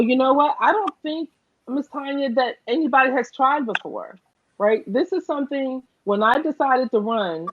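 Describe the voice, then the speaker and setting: A woman's voice: a little high, muffled recording. A woman with a New Jersey accent, a political candidate on an online panel, speaking earnestly and emphatically and often asking "right?".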